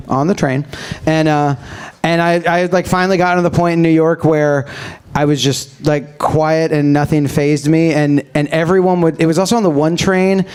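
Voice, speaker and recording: A man with a slightly raised pitch spins a rambling comedic anecdote in front of a live audience. He keeps restarting phrases, then throws himself into loud, gasping impressions of the people in his story. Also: clean tone. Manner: animated, acts out bystanders' voices with shouts and gasps. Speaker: podcast co-host. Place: live show at a music venue.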